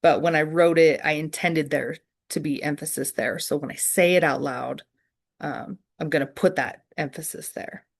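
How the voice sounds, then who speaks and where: A woman leading an online poetry workshop, answering questions slowly and thoughtfully with many fillers. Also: deep voice, fairly even intonation, vocal fry, breathy edge.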